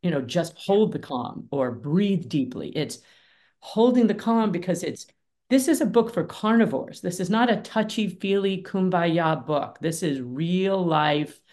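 A woman's voice: on the low side, a little slow. Emphatic, punchy woman mediator. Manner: emphatic, punchy and animated, acts out quoted speech. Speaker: mediator and author, guest. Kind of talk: conversational interview.

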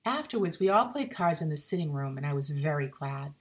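A woman narrating a ghost story in an expressive, suspenseful reading. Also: low-pitched, fairly quick.

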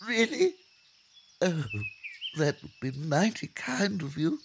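A cowardly, jittery man voiced by a woman quavers slowly through every line, his pitch wobbling up and down. Faint background noise sits under the comedy sketch. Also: big pitch swings, gravelly, full character voice. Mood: eager. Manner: quavering, nervous, giggly. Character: timid cowardly man who lost his courage.

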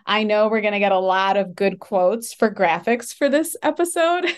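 A woman's voice: medium pitch, moderate pace, smooth. Female podcast host, friendly and encouraging, casual interviewer.

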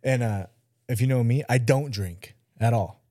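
A man's voice: medium pitch, normal speed, dark tone, dry recording. A man in his thirties tells a story on a podcast in loose, casual talk. He swears freely and acts out the people he quotes. The recording is dry and close to the mic. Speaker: podcast co-host.

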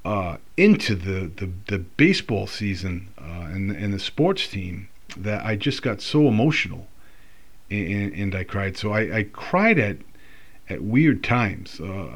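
A man speaks in an unhurried, low voice, working through his thoughts aloud. He rambles, doubles back and fills pauses, like a host talking straight to his listeners. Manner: rambling, reflective, with many fillers and restarts. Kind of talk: casual monologue.

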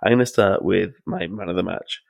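Man, podcast co-host, gravelly low voice, jokey banter, dry close sound. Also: fairly quick, dry recording. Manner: jokey, laughs often, swears freely. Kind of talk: casual comedic chat.

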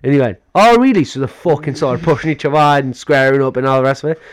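A man's voice: medium pitch, little pitch movement, quick pace. A young man co-hosts a casual podcast, rambling through stories. He acts out other people's lines as he goes and laughs often. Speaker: podcast co-host. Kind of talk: casual chat.

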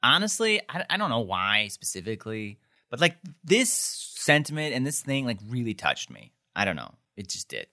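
A man's voice: mid-range voice, very animated, moderate pace, few pauses, sharp tone. A man co-hosting a podcast, casually recapping a TV episode, rambling with lots of "like" and acting out quotes. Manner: rambling, frequent "like", acts out quotes. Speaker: podcast co-host.

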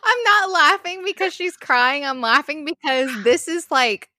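Bright-voiced chatty woman. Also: high-pitched, lively intonation, unhurried. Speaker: podcast co-host. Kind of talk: casual book chat.

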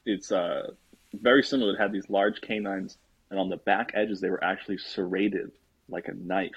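Podcast guy, husky voice, lots of uh's, kinda muffled dry mic. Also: low-pitched, fairly even intonation, normal speed, no room sound. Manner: hesitant, many fillers. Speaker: podcast co-host. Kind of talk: casual podcast chat. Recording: dull dry mic sound.

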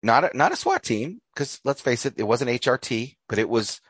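A man from North Idaho, hosting a casual political chat, animated, swearing and laughing often. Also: mid-range voice, moderate pace, slightly rough, dry recording.

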